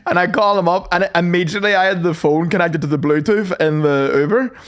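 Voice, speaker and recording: Young guy on a podcast, bit high voice, spinning sweary stories. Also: a little fast, smooth. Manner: animated, sweary, acts out voices. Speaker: podcast co-host. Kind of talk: casual storytelling chat.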